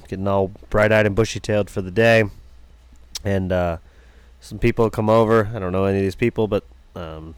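A man's voice: on the low side, smooth, no echo. A young man co-hosting a podcast, telling stories in a laid-back, self-mocking casual chat. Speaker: podcast co-host.

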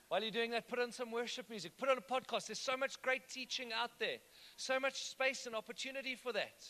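Bright high-voiced preacher. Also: male voice, moderate pace. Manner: conversational, asks the congregation questions. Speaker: pastor. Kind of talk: sermon.

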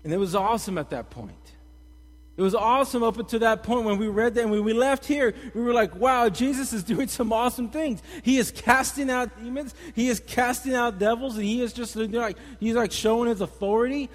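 Young guy preaching casually in a church hall, high voice, big echo, super hyped and slangy. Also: brisk. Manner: energetic, slangy, animated storytelling. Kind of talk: casual sermon. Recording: long reverb in a hall.

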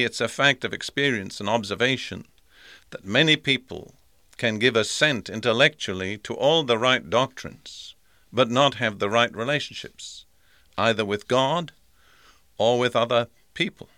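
A man's voice: mid-range voice, animated, measured pace, pushed and bright, dry recording, clean studio sound. A man preaching a sermon in an earnest, emphatic way, repeating his points for stress.

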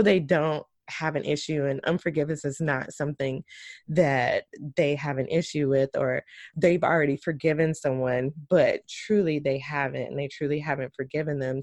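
A woman's voice: low voice, a little mellow, no room sound, clean studio sound. A woman hosting a podcast for moms, asking her guest long framing questions and laughing along. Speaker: podcast host. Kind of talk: interview.

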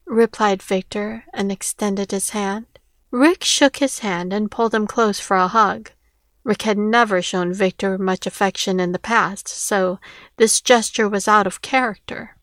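A woman's voice: medium pitch, a little slow, fairly bright tone, no echo, studio quality. A woman reading a novel aloud as audiobook narrator, voicing each character lightly in her own voice. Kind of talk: scripted narration.

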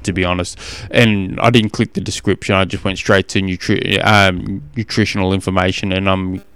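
A middle-aged Australian man hosts his podcast in easygoing chat, rambling and correcting himself as he goes. His voice is smooth and clean, recorded close and dry with no room sound. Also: sits low, little pitch movement, moderate pace, a bit bright, no room sound. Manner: rambling storytelling with self-corrections and laughs. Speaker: podcast host and coach. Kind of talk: casual chat.

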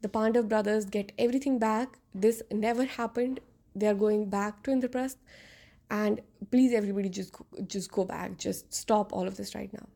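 A stern old king, as a woman narrator puts him on, giving firm, commanding orders. Her warm, slightly gravelly tone stays close to her own. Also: mid-range voice, steady tone, normal speed.

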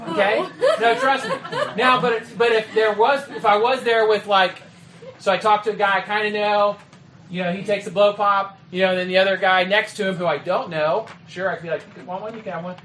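A man giving a training talk to youth ministry leaders in a conversational way, often checking in with "okay?" and "right?" and acting out quick exchanges. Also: high voice, fairly even intonation, bright, forceful tone, a little hiss or hum. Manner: acts out quick quoted exchanges. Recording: echoey room with faint ambience.

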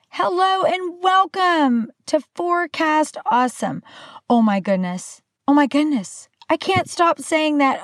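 An older woman hosting her own podcast, bubbly and animated with playful asides, talking casually to the listener. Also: sits high, moderate pace, dry recording, studio quality. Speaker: podcast host. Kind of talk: casual solo podcast talk.

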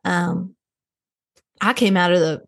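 A woman's voice: fairly low pitch, slow pace, gravelly, a bit bright. A woman hosting a comedy chat, telling a rambling, gossipy story and mocking the people in it.

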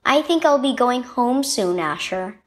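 A woman voicing a gentle, weak old grandfather in a children's story, speaking softly and calmly. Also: high-pitched, measured pace, heavily acted. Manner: soft, gentle, calm.

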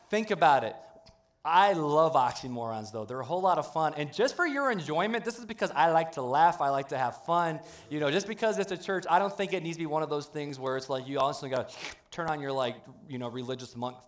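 A man preaching a humorous sermon in a church, joking with the congregation in a playful, animated way. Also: fairly high pitch, a little fast. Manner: playful, jokey, animated delivery. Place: church sanctuary.

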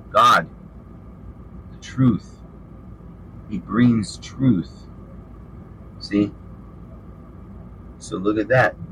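A man's voice: lowish voice, fairly bright tone, a little hiss or hum, low-quality recording. A man preaching an informal sermon, fervent and calling listeners out with rhetorical questions. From western United States.

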